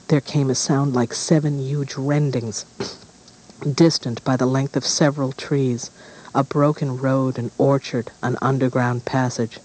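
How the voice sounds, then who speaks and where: A man narrating a dark fairy tale at a deliberate pace. His voice sits in an ordinary middle range. He reads each image steadily and with care. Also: mid-range voice, little pitch movement, poor audio.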